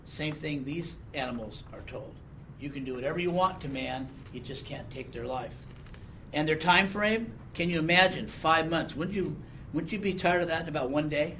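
A man's voice: fairly high pitch, moderate pace, sharp tone, a little hiss or hum. A man preaching a sermon, talking conversationally and asking the congregation questions with a frequent "okay?". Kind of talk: sermon Bible teaching.

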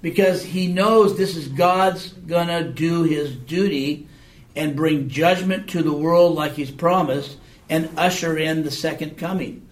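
A man's voice: on the high side, a little slow. Man teaching a Bible class. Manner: conversational, checks in with rhetorical questions. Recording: echoey room, mic far off.

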